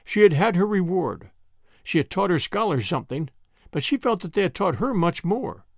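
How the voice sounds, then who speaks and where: A man narrates a classic novel with gentle, expressive storytelling. His voice sits high and moves with lively pitch. The recording is close and dry. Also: moderate pace, creaky, no echo. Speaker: audiobook narrator. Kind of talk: scripted narration.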